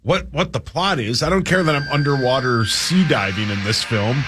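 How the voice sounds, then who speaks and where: A man's voice: mid-range voice, normal speed, background noise. A man co-hosting a morning radio show, joking and laughing. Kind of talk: casual morning radio banter.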